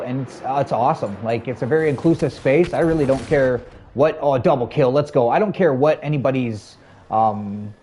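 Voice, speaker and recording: A man in his thirties streams a shooter game and chats with viewers as he plays. His voice sits at an ordinary middle pitch, and he rambles from one idea to the next in a relaxed, friendly way. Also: a little hiss or hum. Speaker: gaming streamer. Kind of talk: casual live-stream chat while gaming.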